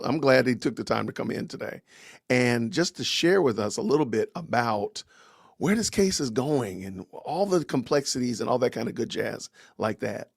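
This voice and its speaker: A man hosting a casual livestream podcast, greeting viewers warmly and chatting with his guest in an upbeat way. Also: medium pitch, vocal fry, no room sound, clean studio sound. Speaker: podcast host.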